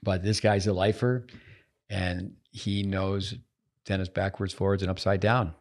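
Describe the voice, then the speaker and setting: At a table in a studio, the older male host talks a little slowly in a low-pitched voice with little pitch movement. His casual podcast chat is teasing and rambling, with many restarts.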